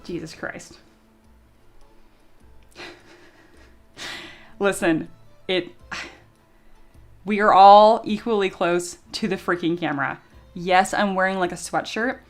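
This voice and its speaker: A woman's voice: mid-range voice, slow pace, long pauses, faint music behind. A young woman chatting casually on a live stream, giggly and self-mocking, swearing freely as she reads chat. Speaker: streamer and 3D sculptor.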